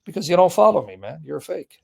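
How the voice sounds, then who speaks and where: A man's voice: on the high side, big pitch swings, quick pace, creaky, breathy edge. A man hosting an apologetics call-in show, blunt and teasing, repeating his points with emphasis. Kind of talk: live call-in debate chat.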